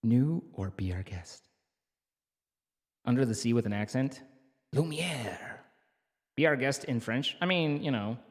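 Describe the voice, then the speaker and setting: A man's voice: mid-range voice, animated, a little slow, long pauses, in a large hall. A man chatting casually on a live stream, rambling and stammering through restarts as he picks the next song.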